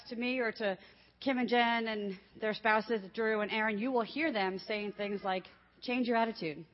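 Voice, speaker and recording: This older woman talks from a church stage through a handheld mic, chatty and quick to laugh. Her pitch sits in a middle range. The sound is a little dull and muffled. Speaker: guest speaker. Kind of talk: sermon testimony. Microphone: handheld microphone.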